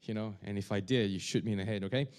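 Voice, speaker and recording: A male pastor preaching a sermon, talking in a halting way with many restarts and fillers. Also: lowish voice, fairly even intonation, a little mellow.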